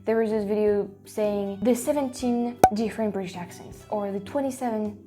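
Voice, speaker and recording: A woman from France with a French accent, chatting on a casual reaction vlog and thinking aloud with lots of restarts and bursts of excitement. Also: mid-range voice, normal speed, over loud music. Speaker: vlogger.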